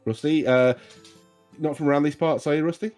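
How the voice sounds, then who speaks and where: A man's voice: fairly high pitch, steady tone, a little fast, darkish tone, pitched above the performer's own voice, close to an everyday voice. A man voicing a cheerful, flustered middle-aged farmer father who rambles and stammers, with faint music behind. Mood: welcoming.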